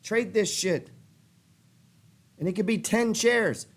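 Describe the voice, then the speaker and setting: With a high voice and a slow pace, a middle-aged trading-show host launches into a fired-up, pushy rant full of swearing, motivating his audience as he works himself up.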